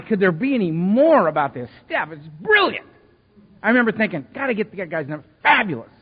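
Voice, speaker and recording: A man's voice: sits high, slightly rough. Joking man telling stories in an echoing hall. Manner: humorous, self-mocking storyteller with many asides. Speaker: recovery meeting speaker. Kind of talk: recovery talk with personal stories. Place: meeting hall before an audience. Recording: reverberant hall, dull lo-fi sound.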